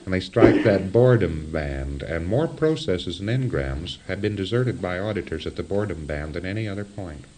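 A man giving a spoken lecture in an animated, wry way with chuckling asides. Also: deep voice, moderate pace, few pauses, noisy background.

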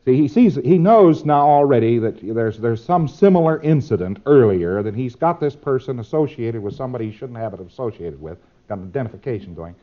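A man's voice: medium pitch, lively intonation, fairly quick, hardly any pauses. Man lecturing on a dull lo-fi recording. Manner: demonstrative, acts out quoted exchanges with playful repetition.

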